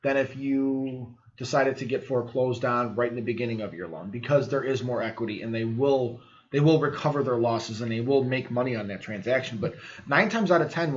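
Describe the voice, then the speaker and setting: A man hosting a podcast, talking casually with plenty of fillers and encouraging listeners. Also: mid-range voice. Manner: conversational, filler-heavy, encouraging. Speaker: podcast host. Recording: slightly muffled podcast audio.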